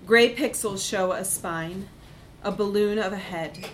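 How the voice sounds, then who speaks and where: A woman narrating a first-person literary story in a measured, reflective way. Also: mid-range voice, a little hiss or hum, low-quality recording.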